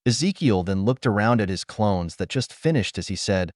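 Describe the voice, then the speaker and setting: Low-voiced man narrating an audiobook. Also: big pitch swings, a little fast, hardly any pauses, no room sound, studio quality.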